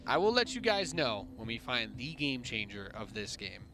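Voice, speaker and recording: Lively, joking male esports caster. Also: medium pitch, moderate pace, noisy background. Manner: playful, jokey, lively. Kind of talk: play-by-play commentary.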